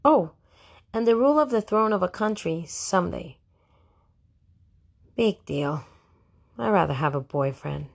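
A woman's voice: on the low side, animated, unhurried, creaky, long pauses. A woman narrating an audiobook as a first-person diary, in a wry, fussy teenage diarist tone.

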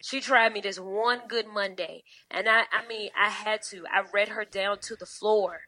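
A woman chatting as a podcast guest, blunt and profane, telling animated stories from her working life. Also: medium pitch, moderate pace, no room sound, rough recording. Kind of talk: casual podcast chat.

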